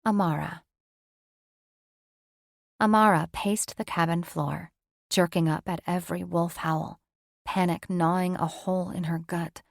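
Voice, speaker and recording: A woman narrating a fantasy romance audiobook in an even, measured way. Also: on the low side, vocal fry, dry recording, studio quality. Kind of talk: scripted narration.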